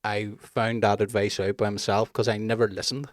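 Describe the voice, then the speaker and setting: A man's voice: lowish voice, moderate pace, no echo, clean studio sound. A man, co-hosting a casual talk show and telling stories about his kids with plenty of swearing. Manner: swears freely, animated storytelling. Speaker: podcast co-host. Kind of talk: casual chat.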